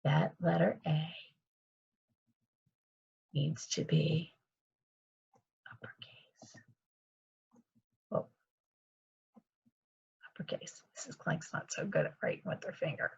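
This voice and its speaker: A woman's voice: deep voice, little pitch movement, takes it slowly, vocal fry, long pauses, a little mellow, husky, muffled recording. A woman teaching kindergarten children in a recorded video lesson, talking patiently in a sing-song teacher voice and calling herself by her surname.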